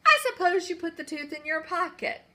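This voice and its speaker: A woman's voice: very high voice, lively intonation, brisk, pushed and bright, pitched above the performer's own voice, heavily acted. A woman voicing a bossy, greedy fairy queen who shrieks her demands in a storybook reading. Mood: outraged.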